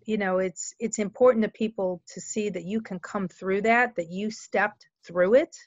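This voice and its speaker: A woman's voice: mid-range voice, fairly even intonation, moderate pace, no echo. A woman hosting a radio talk show, speaking in a supportive, affirming way to her guest. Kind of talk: radio interview. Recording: dry, lo-fi radio audio.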